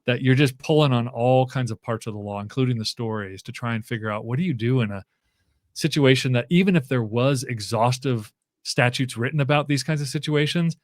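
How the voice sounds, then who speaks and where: A man's voice: mid-range voice, brisk, dry recording, studio quality. A man speaking as a guest professor in a casual interview, thinking aloud with frequent fillers and restarts.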